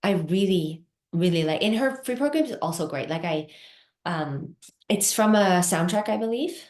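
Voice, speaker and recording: A woman's voice: fairly low pitch, lively intonation, normal speed, a little mellow. A woman talking as a guest skating analyst in casual, enthusiastic chat, with frequent fillers. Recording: roomy echo.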